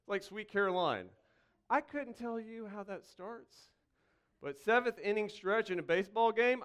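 A male pastor gives a conversational sermon, alternating joking asides with slow, quiet reflection and slowly repeating key phrases for emphasis. His voice is high, expressive, clear and resonant.

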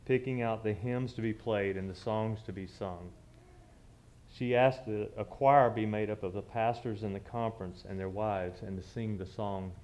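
A church speaker from the southern United States, a man with a lowish, darkish voice, tells a personal story from the pulpit. He speaks in a conversational, reminiscing way, restarting often.

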